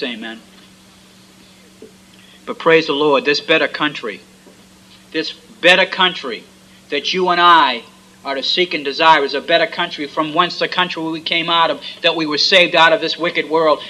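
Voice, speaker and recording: A man's voice: a little high, bright, forceful tone, low-quality recording. A man preaching a fervent sermon, with repeated refrains and frequent amens.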